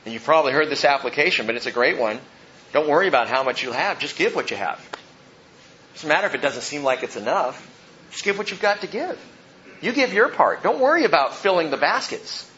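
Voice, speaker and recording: A man preaching a sermon as pastor, animated and joking, acting out the people in the story. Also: on the high side, fairly quick, highs cut off, slight background noise.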